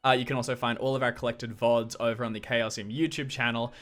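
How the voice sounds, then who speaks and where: A man opening a game stream with a halting delivery full of filler sounds. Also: medium pitch, flat delivery, fairly bright tone. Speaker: stream co-host. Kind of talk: stream introduction.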